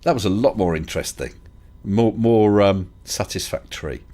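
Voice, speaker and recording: A man's voice: lowish voice, normal speed, warm tone. A man hosting a casual live stream chat, talking in a hesitant, chatty way with restarts and chuckles. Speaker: livestream host.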